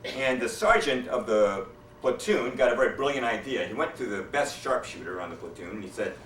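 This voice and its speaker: A man doing a stand-up routine, telling jokes with deadpan setups and quoted character voices. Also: mid-range voice, a little fast, a little hiss or hum. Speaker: stand-up comedian. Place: hotel meeting room. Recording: echoey hall from far off. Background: audience laughter.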